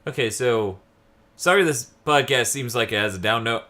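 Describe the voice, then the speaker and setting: A man's voice: medium pitch, moderate pace. A young man co-hosting a casual gaming podcast, tired and swearing freely. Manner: swearing, tired, animated when excited. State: exhausted. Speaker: podcast co-host.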